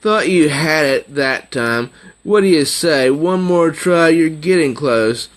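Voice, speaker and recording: A man reading out the lines of a carnival game barker from a comic, coaxing and slow. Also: a little high, animated, pitched above the performer's own voice. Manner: coaxing salesman patter.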